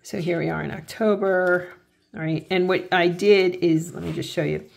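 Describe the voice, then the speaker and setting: In a casual crafting tutorial chat, a woman vlogs about crafts and faith, often restarting and correcting herself, and grows heartfelt and earnest when faith comes up. Her voice sits on the low side, creaky and darkish, with a steady tone at normal speed.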